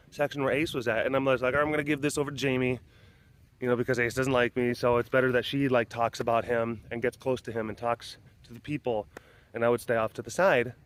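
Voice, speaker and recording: A man in a mid-range voice chats casually outdoors at a big cat sanctuary. He rambles and jokes in an unscripted way, with lots of fillers and restarts. He sounds like someone who guides tours there. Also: medium pitch. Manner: chatty and joking, with many fillers and restarts. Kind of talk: casual rambling vlog chat.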